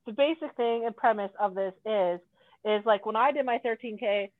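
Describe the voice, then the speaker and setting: A woman's voice: fairly high pitch, moderate pace, no room sound. A woman in casual chat, blunt and rambling, swearing freely as she talks. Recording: tinny phone-like sound.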